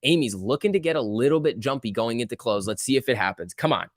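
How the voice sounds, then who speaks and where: A young man with a medium-pitched, lively, fast voice hosts a casual stock-market livestream, reading viewer comments aloud and cheering the chart on. He's chatty, reacting to both the chat and price moves, in a dry, studio-quality recording.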